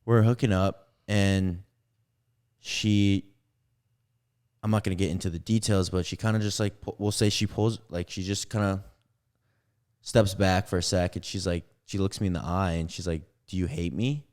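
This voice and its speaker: Low-voiced young man telling a story. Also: moderate pace, smooth. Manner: rambling, animated retelling with acted-out quotes. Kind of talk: casual storytelling in podcast chat.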